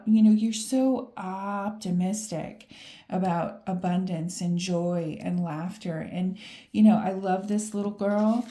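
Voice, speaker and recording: A woman's voice: mid-range voice, fairly even intonation, slow pace, warm tone. A woman giving a casual, upbeat tarot reading to camera, laughing often and talking straight to the viewer. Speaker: tarot reader. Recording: roomy echo.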